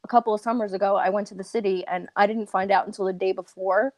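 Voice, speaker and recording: A woman from Long Island, New York, who uses a wheelchair, appears as a guest in a casual interview, talking earnestly and at length with quick laughs. Her medium-pitched voice is a little mellow with fairly even intonation, and there's no echo.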